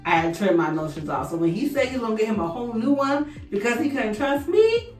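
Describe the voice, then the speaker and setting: A woman's voice: a little high, very animated, fast talker. A young woman, chatting animatedly with viewers while she does her makeup in a storytime vlog. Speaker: beauty vlogger. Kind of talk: casual storytime chat while doing makeup. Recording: echoey room, voice a bit distant. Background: faint background music.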